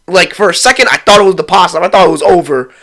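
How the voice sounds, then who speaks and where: A man's voice: high-pitched, fast talker. A young man telling a rambling, profane story about a night with friends in a casual vlog. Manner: rambling, swears constantly, excitable retelling.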